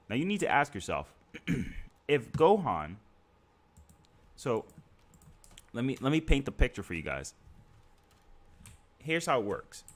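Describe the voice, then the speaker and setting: A man's voice: fairly low pitch, a bit bright. A man hosting a live stream, talking through scenes one by one in a casual, conversational way with fillers. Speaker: stream host.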